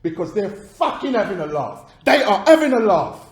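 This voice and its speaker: A man's voice: high-pitched, big pitch swings, echoey room. A man playing a furious record boss. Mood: outraged. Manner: agitated, swearing, rapid questions on phone. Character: angry male London record boss on phone. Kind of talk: dramatized film phone calls.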